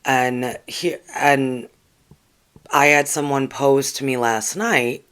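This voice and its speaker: With a medium-pitched, fairly bright voice that's clear and resonant, this spiritual channel host takes things slowly and keeps a steady tone. On a casual livestream, the host reads oracle cards and talks earnestly to viewers, rambling with many ums and restarts.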